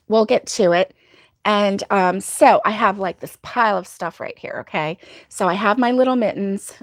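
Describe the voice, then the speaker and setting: A woman's voice: mid-range voice, no room sound, clean studio sound. A woman hosting a crochet livestream, chatting casually with viewers, rambling and laughing often. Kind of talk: casual chat reading viewer comments.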